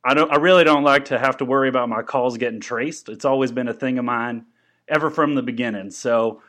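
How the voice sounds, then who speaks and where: A man's voice: medium pitch, fairly quick, a bit bright, close to an everyday voice. Casting: man as boastful Texan customer-support guru, folksy drawl, mid-range voice. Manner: folksy, drawling, full of catchphrases. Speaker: guest. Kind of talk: improvised comedy podcast.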